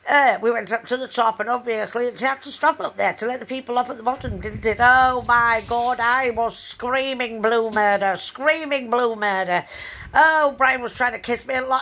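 Woman vlogger, gravelly with a touch of fry, slightly higher-pitched, loose rambling delivery with lots of ums and casual swearing. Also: a little fast, bright, forceful tone. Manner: chatty, swears freely, frequent fillers.

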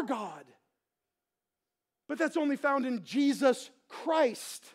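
A woman preaches a sermon in a high, bright register. She speaks in a loose, conversational way, full of restarts. She drives points home by repeating phrases and rising into impassioned shouts. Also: lively intonation, takes it slowly, pauses often. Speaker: pastor.

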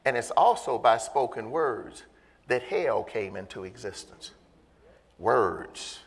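A pastor preaching a sermon, speaking emphatically and drawing in the congregation with questions. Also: male voice, medium pitch, expressive, takes it slowly, breathy edge. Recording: long reverb of a church hall.

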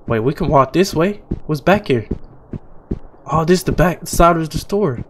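A young man, playing a horror game and talking his viewers through it, switching between low muttering and loud frightened shouts. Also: expressive, moderate pace, a little hiss or hum. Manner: swings from low mumbling to loud panicked shouts, reads on-screen text aloud. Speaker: gaming channel host. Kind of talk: horror game let's play commentary.

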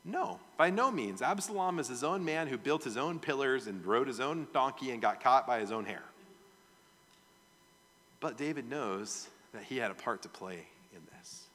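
A man's voice: mid-range voice, expressive, moderate pace, fairly bright tone. Male pastor, mid-range voice; chatty verse-by-verse sermon, long church-hall reverb. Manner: conversational, asks the audience questions. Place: church sanctuary.

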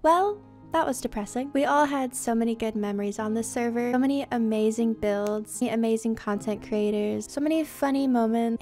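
A young woman talking casually over her Minecraft gameplay, chatty and self-deprecating, with soft music playing behind her. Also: a little high. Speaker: Minecraft YouTuber.

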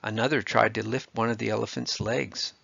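Gravelly man reading a storybook. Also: on the low side, flat delivery, brisk, fairly bright tone, dry recording. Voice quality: gravelly, husky. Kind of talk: scripted storybook narration. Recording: dull lo-fi dry recording.

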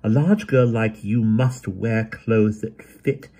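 A man voicing a brisk, severe young woman who speaks in a crisp, emphatic, commanding way. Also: fairly low pitch, dark tone, voice pushed up.

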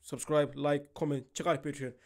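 A young man hosting a casual reaction vlog, excitable and loud, often breaking into laughter. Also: on the high side, brisk. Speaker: reaction vlogger.

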